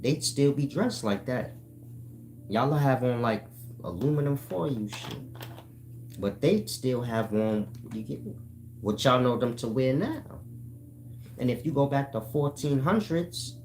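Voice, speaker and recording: A man's voice: medium pitch, darkish tone, slight background noise. A man hosting his own channel, talking in a casual, profane monologue and checking in with listeners as he explains. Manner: profane, keeps asking "you get my point?"; addresses listeners as "y'all". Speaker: channel host.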